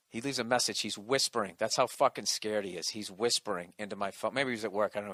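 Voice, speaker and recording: Brief: male comedian ranting hard and swearing, sharp bright tone, dry close sound. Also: fairly low pitch, fast, few pauses, no room sound. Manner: profane, combative ranting. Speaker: comedian podcast host. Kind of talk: comedic rant.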